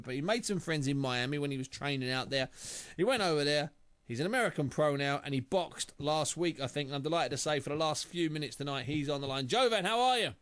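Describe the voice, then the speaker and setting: A man hosting a live radio boxing show from the studio, talking in an excitable, stumbling way with quick repeats. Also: on the high side. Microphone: studio mic.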